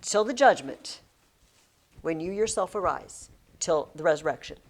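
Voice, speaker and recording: A woman's voice: fairly low pitch, expressive, normal speed. A woman teacher leading a classroom poetry lesson, reading verse aloud and chanting the rhythm of the lines.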